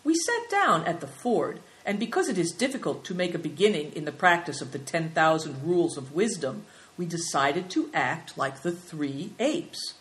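A woman's voice: low-pitched, lively intonation, normal speed. A woman reading a storybook, voicing a brave, resolute young boy adventurer. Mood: earnest telling. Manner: eager, resolute.

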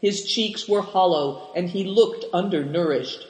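A man narrates an adventure story at an even, steady storybook pace. His voice sits fairly high and carries a long ring from the room around him. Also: measured pace. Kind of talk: scripted narration. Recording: echoey room.

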